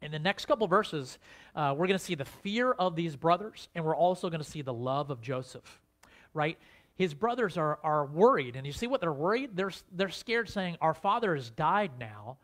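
A man's voice: fairly high pitch, expressive, moderate pace. A man, a pastor, preaching a conversational sermon, asking his listeners rhetorical questions and restarting his phrases.

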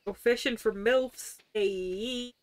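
A woman's voice: on the high side, slow pace. A young woman streaming a video game live, giggling, swearing freely and chattering to herself as she plays.

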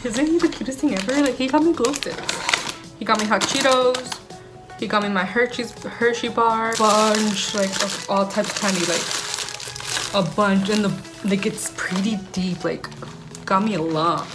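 A woman's voice: mid-range voice, moderate pace. A young woman vlogging casually, gushing and chatty as she tastes food at home, slipping Spanish words into her talk. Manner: bubbly, gushing, mixes in Spanish words while eating. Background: background music.

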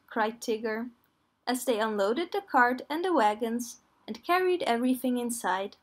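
A woman reading a children's story aloud in a gentle, clear read-aloud manner. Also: fairly high pitch, lively intonation, normal speed.

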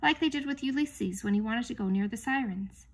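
A woman's voice: a little high, a little fast, breathy edge. Woman reading as a stern, blunt boy. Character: stern boy, frank and loyal.

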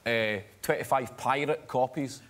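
A man's voice: medium pitch, unhurried. A Scottish man telling a funny story as a comedian guest on a talk show, laughing as he goes. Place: TV studio. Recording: loud background noise.

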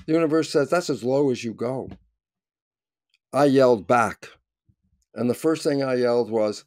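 An older man, a scientist, telling a story in conversation with lively energy, acting out quoted voices and rising to near shouts. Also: mid-range voice, measured pace, long pauses, no echo. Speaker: guest scientist.

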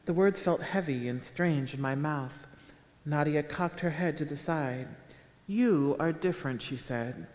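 A woman author reading her own fiction aloud at a public event, with a measured, deadpan delivery. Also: deep voice. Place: town hall auditorium with a live audience. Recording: echoey live hall sound.

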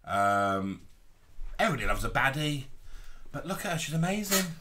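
A man co-hosting a casual live-stream chat, relaxed, with trailing ums. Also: medium pitch, normal speed. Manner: relaxed, fond of film baddies, trailing ums. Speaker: co-host.

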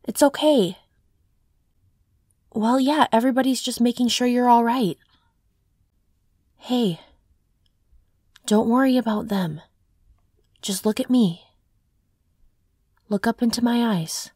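A soft-spoken, tender girlfriend, played by a young woman in an audio role-play, easing her partner along in a slow, unhurried way. The sound is close and dry, with no room around it. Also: a little high, breathy edge, no echo. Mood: soothing.

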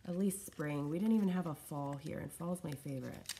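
A woman with a low, deep-set voice chats casually through an unboxing of craft supplies at home. She gushes and wanders from thought to thought, coughing now and then and sounding a little short of breath. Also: fairly quick, dark tone, slight background noise. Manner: chatty and scattered, gushing over small items. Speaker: craft vlogger opening fan mail. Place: at home in her living room.

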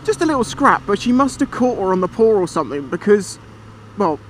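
A man's voice: high voice, a little fast. Chatty British man on a motorbike. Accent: British English. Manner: chatty, swearing, animated storytelling. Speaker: motorcycle vlogger. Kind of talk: casual storytelling while riding. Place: on a motorbike outdoors. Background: traffic and engine noise.

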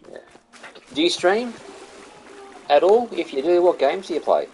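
A man's voice: on the high side, big pitch swings, moderate pace, gravelly, a little mellow, a little hiss or hum, low-quality recording. A young Australian man chatting casually with viewers on a live game stream, greeting them by name and calling them mate and buddy.

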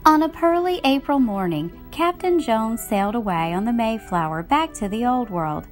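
A woman reading a children's picture book aloud, telling the story in an expressive, gently paced way. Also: fairly high pitch, moderate pace, soft background music. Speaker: storybook reader.

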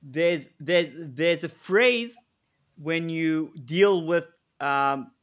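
A man co-presenting a live webinar, telling stories in an animated way and laughing often. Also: on the high side, extremely slow. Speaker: co-presenter, negotiation expert.

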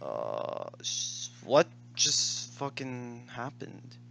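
A young man talks through a horror game, swearing freely and rambling as his thoughts spill out. His pitch sits right in the middle, and faint game music plays underneath. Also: drawn-out words, gravelly. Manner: profane, excitable, rambling. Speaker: gaming channel host. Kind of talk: let's play commentary.

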